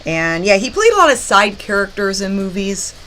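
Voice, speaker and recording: A woman's voice: medium pitch, big pitch swings, moderate pace, fairly bright tone, slight background noise, rough recording. A female horror movie host chatting and giggling while reading movie trivia. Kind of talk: live-stream chat with movie trivia.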